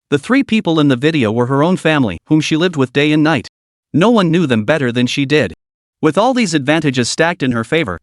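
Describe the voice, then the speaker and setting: A man narrating a web novel in an even, steady reading voice. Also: a little high, dry recording, studio quality.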